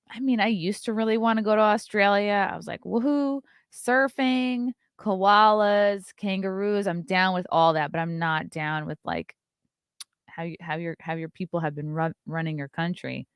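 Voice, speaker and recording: Hosting a casual live stream, a woman in her thirties shares brash, sarcastic stories and reads out messages from viewers. Her voice is fairly low with a clean tone, in clean studio sound with no room sound.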